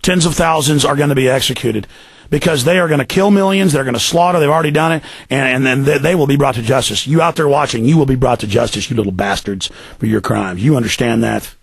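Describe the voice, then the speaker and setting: Male radio host for a furious rant, gravelly and raspy, dry close sound. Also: a little high, quick pace, dry recording. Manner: furious, ranting, mocking voices. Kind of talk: angry political radio rant.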